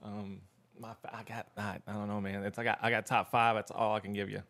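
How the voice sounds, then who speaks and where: A man's voice: lowish voice, flat delivery, brisk, vocal fry, a bit bright. A man guesting on a podcast in casual chat, laid-back, laughing often and swearing casually.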